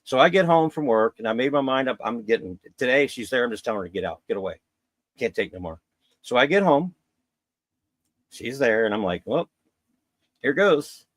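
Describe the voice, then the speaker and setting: On a dry recording, a middle-aged man with an expressive voice speaks briskly as a guest on a podcast. Candid and rambling, he recounts a personal story and voices others' quotes by raising his pitch.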